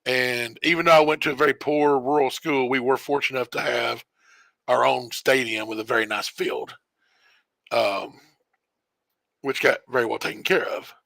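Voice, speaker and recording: A man's voice: medium pitch, fairly even intonation, normal speed, gravelly, a bit bright, no room sound. A man streaming a game and telling a long, rambling story in casual chat, correcting himself and chuckling as he goes. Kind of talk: casual storytelling while gaming.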